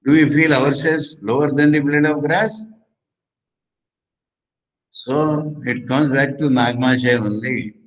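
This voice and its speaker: An older man with an Indian English accent, a monk who teaches scripture slowly, repeats phrases and recites Sanskrit verses. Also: medium pitch, steady tone, lo-fi sound. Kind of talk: religious discourse.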